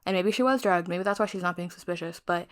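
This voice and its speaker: A woman's voice: lowish voice, quick pace. Chatty young woman recapping a novel. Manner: chatty, frank, swears freely. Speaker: book vlogger. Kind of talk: casual chat retelling a novel.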